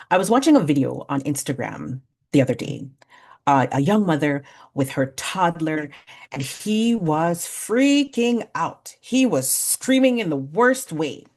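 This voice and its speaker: A woman in her forties leading a parenting workshop, talking conversationally, laughing at herself and slowly counting out breathing exercises. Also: lowish voice, darkish tone. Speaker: workshop facilitator. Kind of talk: guided breathing exercise and storytelling talk.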